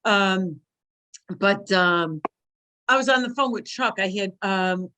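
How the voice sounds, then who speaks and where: A woman's voice: slow, slight background noise. A woman on a casual talk show, telling a story of her own and acting out what she said at the time. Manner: animated, acts out her own past lines in a shrill cry.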